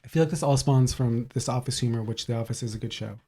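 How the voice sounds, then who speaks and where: Podcast co-host, male, gravelly mellow voice, sarcastic rants. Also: medium pitch, quick pace. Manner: ranting, sarcastic, animated. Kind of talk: casual comedic chat.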